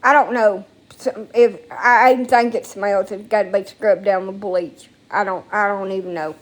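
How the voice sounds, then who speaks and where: Talking at a normal speed with a medium-pitched, steady voice, this vlogger addresses her phone casually from inside her home. She wanders from point to point, gets emotional, and swears often.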